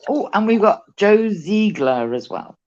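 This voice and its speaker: With a darkish, sing-song mid-range voice, the British co-host unhurriedly spins cheeky stories on a fishing livestream, imitating the people in them. It's casual chat, heard through muffled, lo-fi call audio.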